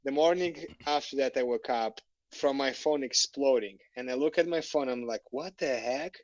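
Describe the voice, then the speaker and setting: A man telling a long personal story as a podcast guest, lively and animated, acting out the conversations he recounts. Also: medium pitch, moderate pace, no echo, lo-fi sound.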